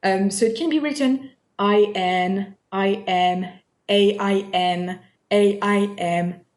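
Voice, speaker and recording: In an echoey room, a woman with a mid-range voice gives a recorded French pronunciation lesson at a slow pace. Patient and repetitive, she goes over sounds again and again and checks in with "all right?".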